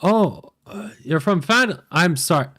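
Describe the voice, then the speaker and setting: A man's voice: on the high side, animated, normal speed, fairly bright tone, voice pushed up. A man voicing a frightened male gnome held captive, stammering and pleading. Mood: flustered.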